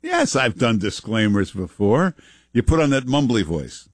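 A man hosting a talk radio show in a relaxed, chatty way, often pausing on "uh". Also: mid-range voice, no room sound, clean studio sound. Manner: relaxed, chatty, frequent "uh" fillers. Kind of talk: casual talk radio banter. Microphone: studio microphone.

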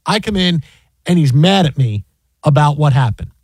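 A man telling a work story in casual chat, animated and exasperated, with many restarts. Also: fairly high pitch, moderate pace, slightly rough, no room sound.

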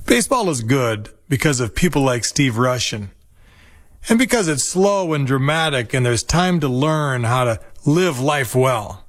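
A man in his fifties, from Minnesota, with a voice pitched a little high. He reads a scripted personal story in a nostalgic, reflective way. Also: a bit bright. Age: 50s.

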